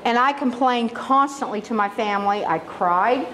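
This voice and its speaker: A woman's voice: on the high side, normal speed, a little hiss or hum, rough recording. A woman performing stand-up comedy, telling stories and putting on exaggerated voices. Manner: animated, exaggerated voices for quotes.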